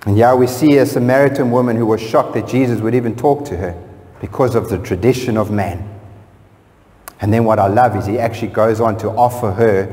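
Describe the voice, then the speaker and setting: A man, a pastor from South Africa, preaching a sermon and reading scripture aloud, his voice rising sharply and growing louder on key phrases. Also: steady tone, fairly quick. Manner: preaching with sudden rises in pitch and force on key phrases. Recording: long church reverb.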